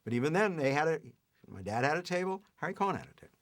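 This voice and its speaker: A man's voice: on the high side, rapid-fire. Older man telling a family story. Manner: lively retelling with acted-out quotes and chuckles. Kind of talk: anecdotal storytelling.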